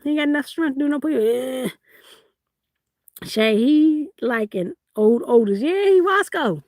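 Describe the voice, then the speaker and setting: A woman runs a casual live-stream sale from her phone, joking, teasing and laughing as she reads viewers' comments aloud. Her voice sits a little high and lively. The sound is close and dry, with no room echo. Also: unhurried.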